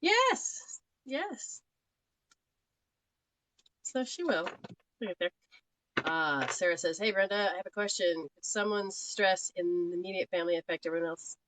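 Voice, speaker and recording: A woman's voice: fairly low pitch, expressive, measured pace, long pauses, a bit bright, a little hiss or hum, poor audio. A woman from Australia giving live spiritual readings in a chatty, rambling way, laughing often. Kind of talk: live-stream talk.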